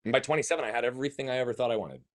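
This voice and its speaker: Guy, thirties, animated storyteller who swears and asks rhetorical questions. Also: mid-range voice, racing. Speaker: guest. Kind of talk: conversational storytelling.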